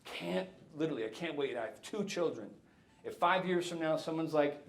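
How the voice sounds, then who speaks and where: Animated man in his fifties, echoey hall. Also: on the high side, moderate pace. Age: 50s. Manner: animated, jokey, addresses the audience. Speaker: keynote speaker. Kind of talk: conference talk. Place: lecture hall.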